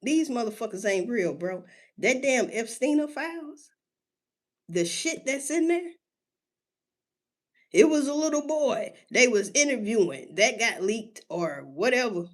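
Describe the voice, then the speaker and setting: A woman ranting casually to her listeners in street slang, cursing freely and firing off rhetorical questions, with drawn-out emphasis and sudden jumps in pitch. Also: expressive. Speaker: solo commentator. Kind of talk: casual rant.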